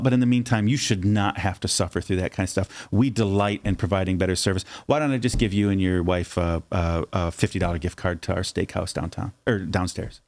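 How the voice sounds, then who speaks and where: A man in his fifties co-hosting a casual Bible study talk show, telling stories in an animated way and acting out the voices of other people. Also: sits low, a little fast, few pauses. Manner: animated storyteller, acts out voices. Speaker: podcast co-host.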